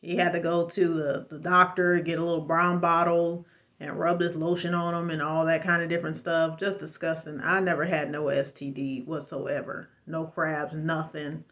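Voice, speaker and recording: Woman, personal testimony, bright tense voice, emphatic, preachy, rambling. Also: low voice, flat delivery, moderate pace. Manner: emphatic, preachy, with religious exclamations; rambling with frequent fillers and restarts. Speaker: vlogger sharing a personal story.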